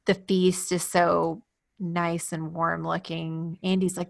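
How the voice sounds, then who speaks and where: A woman's voice: fairly low pitch, level tone, slow pace, vocal fry, dry recording, clean studio sound. A woman co-hosting a podcast in casual chat, retelling scenes in a chatty way and giggling often. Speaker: podcast co-host.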